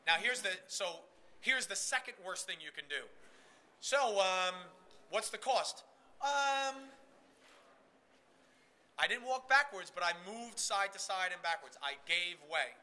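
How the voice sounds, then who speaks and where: A man leading a live sales-training workshop, energetic and demonstrative, speaking directly to the people in the room. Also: sits high, normal speed. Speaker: trade show sales trainer.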